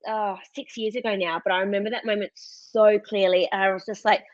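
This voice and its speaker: Her pitch is medium and her intonation fairly even as she talks at a brisk clip. A podcast guest, she's an Australian woman in her thirties relating a personal story in a candid, casual chat, laughing frequently and mimicking what others said. The audio is close and dry with no room sound, and slightly muffled and dull.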